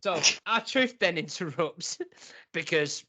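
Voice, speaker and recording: A young man co-hosting a casual wrestling review, animated and often laughing as he retells scenes. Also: on the high side, slow pace, noisy background. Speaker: wrestling podcast co-host.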